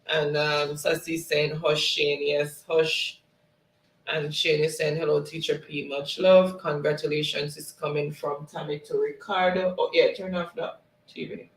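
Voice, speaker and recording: A man's voice: fairly high pitch, fairly bright tone, reverberant, poor audio. Man reading live chat aloud. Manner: reads viewer comments aloud, friendly, laughs often. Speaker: livestream host. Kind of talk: casual livestream chat.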